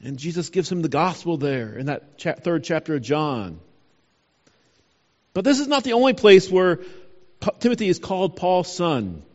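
Male pastor, high lively voice, sermon in a reverberant hall on a dull, muffled recording. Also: normal speed. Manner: animated, emphatic preaching with self-corrections.

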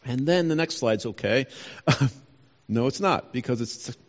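A man preaching a sermon, emphatic and animated, correcting himself now and then as he goes. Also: mid-range voice, a little slow, big-room sound, highs cut off. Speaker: pastor.

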